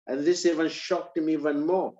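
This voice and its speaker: A male preacher tells a sermon story in a lively way, acting out each character as he goes. His voice sits a little high, and it sounds roomy and slightly dull, as if recorded in an echoey room. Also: moderate pace.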